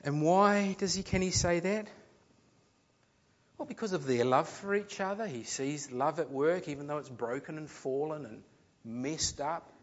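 A man preaching a sermon, earnest, swinging between loud emphasis and soft, low phrases, with some repeated words. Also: unhurried, dull audio. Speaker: pastor.

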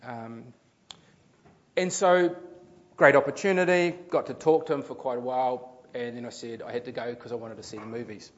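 A man's voice: medium pitch, fairly even intonation, normal speed, dull audio. A man, a pastor telling a story in a sermon, in a chatty, rambling way with restarts and fillers.

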